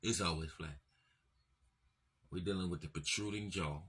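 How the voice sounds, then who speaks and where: Deep, forceful man lecturing. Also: normal speed. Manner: emphatic, profane, repetitive. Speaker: channel host. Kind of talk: lecturing monologue.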